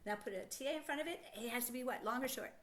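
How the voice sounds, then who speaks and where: A middle-aged woman teaching a children's phonics lesson, sounding out words slowly and asking encouraging questions. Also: a little high, fairly bright tone.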